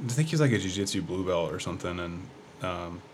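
A man's voice: low voice, expressive, quick pace, husky. A man, a former fighter, telling a story as a podcast guest in a loose, rambling way with lots of fillers and restarts. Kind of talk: casual storytelling chat.

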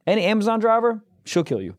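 A man's voice: sits high, huge pitch swings, quick pace. A man co-hosting a podcast, joking crudely and swearing, slipping into brief mock voices. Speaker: podcast co-host. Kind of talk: crude casual banter.

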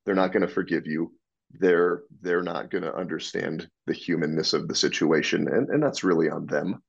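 A man telling stories as a podcast guest, animated and frank, acting out dialogue and swearing freely. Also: low-pitched, moderate pace, vocal fry, slightly rough. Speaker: podcast guest, business owner. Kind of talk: casual interview storytelling. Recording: dull lo-fi sound.

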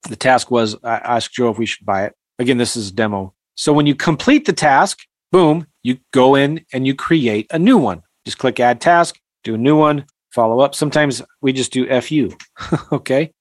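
A middle-aged man teaches investors over a video call, walking through software step by step in a blunt, repetitive way. His voice sits at an ordinary pitch. The sound is dry and close. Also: normal speed, dry recording. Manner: direct, repetitive, drops "boom" as he clicks. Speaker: real estate investing coach. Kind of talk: live screen-share software tutorial.

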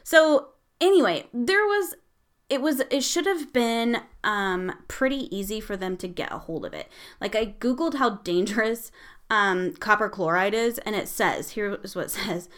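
A woman's voice: mid-range voice, lively intonation, unhurried, fairly bright tone. Woman, casual storyteller, rambling, filler-heavy, mid-range voice. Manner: rambling and chatty, with frequent fillers and casual swearing.

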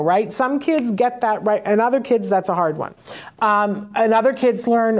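A woman giving a casual teaching talk for parents, conversational and often checking in with "right?", acting out short exchanges in a lively voice. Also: mid-range voice, moderate pace. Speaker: parent educator on autism teaching.

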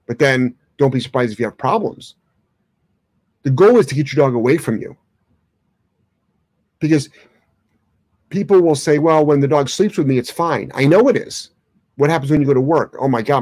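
Brief: man, dog trainer, casual swearing, dry close-mic, average pitch. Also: darkish tone, dry recording. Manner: blunt, opinionated, swears casually. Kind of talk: live Q&A answering viewer questions.

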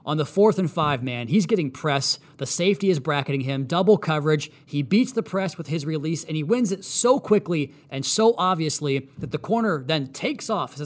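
A man with a somewhat high voice talks through game film play by play. He explains each snap in a brisk, animated way, as a podcast host. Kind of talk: analytical film breakdown commentary.

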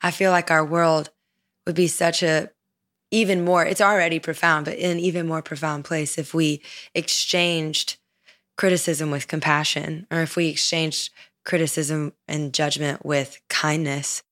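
A woman hosting a podcast interview who talks with enthusiasm and warmly backs up her guest. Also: sits low, flat delivery. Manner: enthusiastic, affirming, quick to laugh. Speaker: podcast host. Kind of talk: conversational interview.

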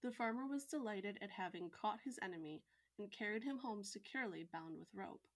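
A woman's voice: medium pitch, brisk. Woman reading a folktale aloud. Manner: even storytelling read, joking asides. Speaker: podcast co-host and storyteller.

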